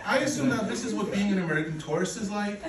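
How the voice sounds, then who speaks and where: A man in his forties, originally from Poland, performing a deadpan, self-deprecating stand-up comedy set on a club stage with a handheld mic. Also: high-pitched, fast talker. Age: 40s. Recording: echoey room recording from a distance, loud noise.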